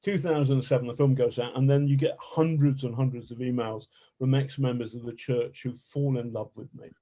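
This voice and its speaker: A man, an investigative journalist, telling stories in a colorful, animated way as a podcast guest and swearing freely. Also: mid-range voice, a little fast. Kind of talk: casual storytelling interview.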